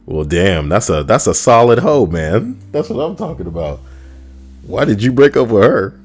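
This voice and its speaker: A man's voice: fairly low pitch, very animated, moderate pace, a little mellow. A man giving crude, mocking comedic reactions to stories he reads out, ranting as he goes. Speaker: online commentator.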